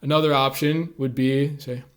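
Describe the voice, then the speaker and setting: Man, mid pitch, laid-back explainer who leans on "like" and "uh" and talks to camera. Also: flat delivery, moderate pace. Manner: loose and conversational, many "like" and "uh" fillers. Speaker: communication tips creator. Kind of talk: casual instructional talk to camera.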